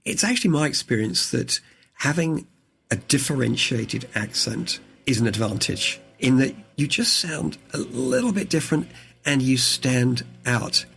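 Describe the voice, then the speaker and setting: A man from southeast England whose English accent carries a mix of international influences, speaking as a leadership coach in a relaxed, articulate podcast interview. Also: medium pitch, unhurried, creaky, soft background music. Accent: mixed English accent with international influences.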